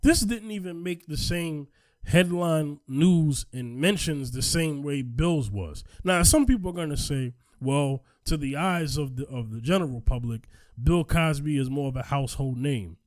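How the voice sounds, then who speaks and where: A man hosting a casual podcast discussion, animated and emphatic, often repeating himself for effect. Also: on the high side, moderate pace, no room sound, clean studio sound. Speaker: podcast host.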